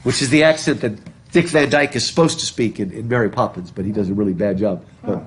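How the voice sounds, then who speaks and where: A middle-aged college professor lectures on literature through a mask, which leaves his slightly husky voice muffled; it sits on the low side at normal speed. He reads passages aloud, strays into tangents and keeps turning questions to the students, as captured by a device in the room.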